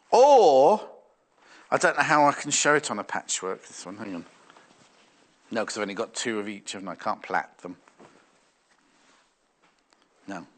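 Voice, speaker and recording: Lively-voiced man selling fabric. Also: on the high side. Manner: chatty, musing aloud, reading viewer messages. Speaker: shopping channel presenter. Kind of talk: live sales demonstration.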